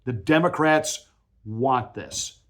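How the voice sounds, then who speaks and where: A man's voice: medium pitch, animated, slow pace. A male pastor giving political commentary in a combative, emphatic, mocking way.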